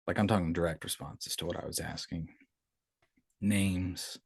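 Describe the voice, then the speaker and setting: Deep-voiced man telling a ghost story. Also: steady tone, moderate pace, vocal fry, slightly rough, dry recording. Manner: conversational, rambling with restarts and acted-out quotes. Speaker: podcast host telling his own experiences. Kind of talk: casual storytelling.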